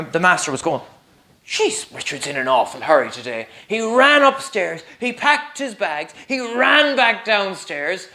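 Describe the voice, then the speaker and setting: Man, teacher, playful children's storytelling, lively sing-song voice. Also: high-pitched. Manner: animated, playful, asks the listeners questions. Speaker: primary school teacher, storyteller.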